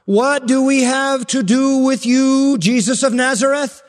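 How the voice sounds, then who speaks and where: Brief: terrified demon begging for mercy, screeching high, put on by a male preacher in a reverberant hall. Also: measured pace. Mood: panicked pleading. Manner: high-pitched shrieking pleas. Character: panicked screaming male demon, desperate.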